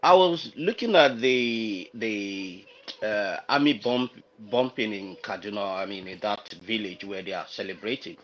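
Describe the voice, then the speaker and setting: A man's voice: fairly low pitch, expressive, measured pace, muffled recording. A man from Nigeria on a livestream panel, talking unhurriedly, searching for words and citing proverbs. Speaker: panel guest. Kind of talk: casual discussion on a livestream.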